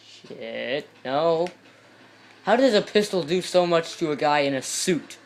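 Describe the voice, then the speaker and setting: A man talks his viewers through a video game in a loose, chatty way. His voice sits a touch higher than most men's. He rambles and often cuts himself off mid-sentence. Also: lively intonation, slow, slight background noise. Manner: rambling, self-interrupting, chatty asides to viewers. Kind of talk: casual gameplay commentary.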